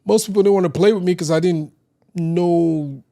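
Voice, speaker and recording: A man from Nigeria, a singer on a podcast, telling casual stories in a lively way and acting out other people's lines. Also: sits high, normal speed, vocal fry. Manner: lively anecdote teller who acts out other people's lines. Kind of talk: casual storytelling chat.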